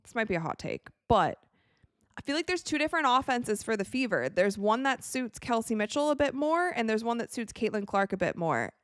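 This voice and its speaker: A woman's voice: fairly high pitch, very animated, brisk, no room sound, clean studio sound. A woman hosting a casual live-stream watch party from her home set, chatting, reading out viewer comments and laughing often.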